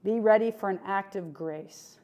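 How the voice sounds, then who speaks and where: A woman preaching a conversational sermon, chatty and animated, with lots of fillers and asides to the congregation. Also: medium pitch, moderate pace.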